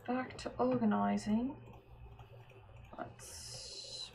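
A woman's voice: high-pitched, steady tone, slow, vocal fry, long pauses, a little mellow. A woman streamer casually talking to herself while playing, muttering, trailing off and often half-whispering. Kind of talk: casual gameplay commentary.

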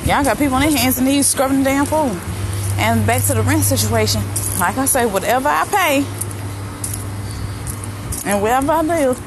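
A woman's voice: high voice, moderate pace, long pauses. A woman vlogging while she walks outdoors, venting bluntly in colloquial slang with heavy swearing, recorded on a phone she holds. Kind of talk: casual venting while walking. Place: outdoors, walking around an apartment complex. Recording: outdoor phone recording with clear ambient noise.

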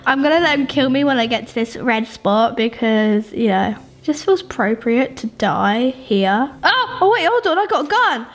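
A young woman giving excitable gaming commentary, shrieking and pleading with characters on screen. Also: fairly high pitch, normal speed, hardly any pauses. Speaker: gaming YouTuber. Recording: game music behind voice. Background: music.

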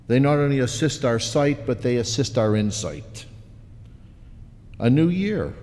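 A man's voice: fairly low pitch, warm tone. A man pastor giving a sermon in a folksy storytelling manner, in a church sanctuary. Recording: long church reverb.

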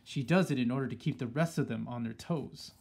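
A man voicing a shrewd, excitable old grandmother who talks in a brisk, commanding way. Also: mid-range voice, gravelly, slightly rough.

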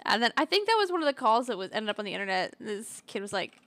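Bright-voiced young woman streamer. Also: a little high, fast talker, dry recording. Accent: Canadian. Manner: animated, loud, laughing storyteller. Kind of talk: casual gaming stream chat.

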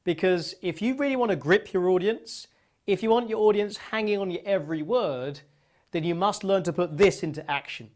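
A man giving a public speaking lesson, moving between fast, punchy delivery and slow, hushed phrases with long pauses. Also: high voice. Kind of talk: presentation lesson demonstrating vocal variety.

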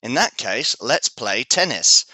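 Haughty storybook princess, loud, bright tone, dry close sound, read by a man. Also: mid-range voice, big pitch swings, measured pace, breathy edge, no room sound, full character voice, rough recording.

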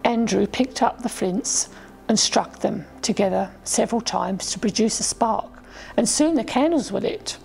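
Gravelly-voiced woman reading a storybook. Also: mid-range voice, a little slow. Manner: gentle storyteller, voices the children lightly. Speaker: author reading her story. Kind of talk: storybook narration.

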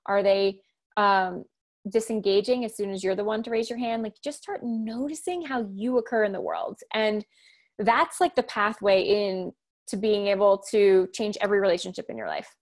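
A woman in her thirties, a communication coach talking as a podcast guest, loud, direct and fast-talking. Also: mid-range voice. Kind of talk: conversational podcast interview.

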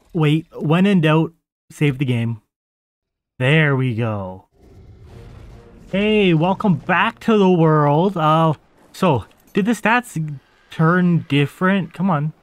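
A man's voice: a little high, no room sound. A man hosting his own game channel, chatting casually to viewers as he plays and getting exasperated when things go wrong. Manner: chatty, easily exasperated, talks to the audience while playing. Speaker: gaming channel host. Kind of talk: casual let's-play commentary.

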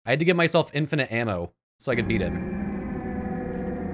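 A man commentating a video game playthrough, frustrated and swearing in loud outbursts. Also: mid-range voice, sing-song, unhurried, long pauses, over music. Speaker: gaming YouTuber. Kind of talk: let's play commentary.

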